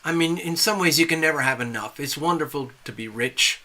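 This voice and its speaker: A man's voice: fairly high pitch, a little fast, sharp tone. A man doing tarot readings on a live stream, telling a story in a chatty, rambling way with restarts and asides. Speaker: tarot reader.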